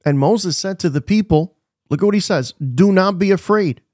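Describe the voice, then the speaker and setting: A man's voice: high voice, normal speed, darkish tone, no echo, clean studio sound. A man preaching a devotional sermon, asking the listeners questions and repeating his key phrases with emphasis.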